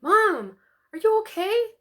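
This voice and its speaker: A woman voicing a bubbly, overeager teenage girl who loves to cook, speaking high and loud with excitement. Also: a little fast. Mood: eager, excited.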